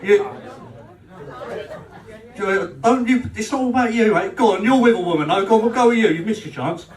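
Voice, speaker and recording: A man's voice: high-pitched, normal speed. A man doing a live stand-up set, teasing the crowd and acting out rows with his girlfriend. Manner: cheeky, swearing, acts out quarrels. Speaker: stand-up comedian. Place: club function room on stage. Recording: roomy live sound from far off.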